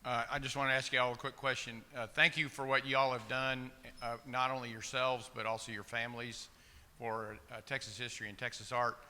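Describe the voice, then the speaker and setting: A man in the audience asking the panel a gracious, halting question. His voice is very bright and smooth, and a long reverb fills the hall around it. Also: mid-range voice, little pitch movement.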